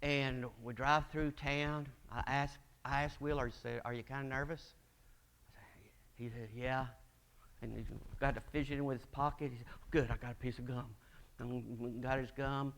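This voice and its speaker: A man's voice: medium pitch, level tone, moderate pace, fairly bright tone. A middle-aged man preaching a sermon, telling folksy stories and acting out the voices of the people in them. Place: church sanctuary.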